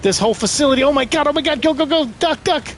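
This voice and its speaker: A man giving casual let's-play commentary, exclaiming loudly as he plays. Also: extremely high pitch, quick pace, slight background noise. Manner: excitable, loud bursts of exclaiming while playing. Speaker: gaming streamer.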